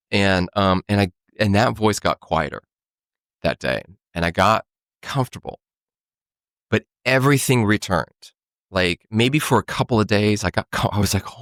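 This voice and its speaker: A man sharing his recovery story on a podcast, halting and full of restarts and "you know". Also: fairly low pitch, dry recording. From California. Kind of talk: casual storytelling.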